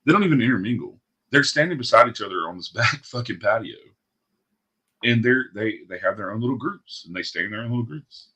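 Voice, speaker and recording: Fast-talking husky man ranting bluntly. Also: medium pitch, expressive, sharp tone, highs cut off. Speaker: podcast host. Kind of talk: casual chat.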